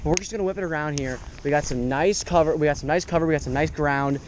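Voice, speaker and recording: A fishing vlogger gives enthusiastic running commentary full of exclamations, recorded outdoors on the water with an action camera. His voice is a little high and his pace quick.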